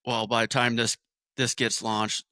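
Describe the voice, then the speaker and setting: A man's voice: medium pitch, flat delivery, a little slow, sharp tone, smooth, no echo, studio quality. A man hosting a podcast, answering his guest in a supportive, conversational way. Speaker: podcast host. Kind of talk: casual interview chat.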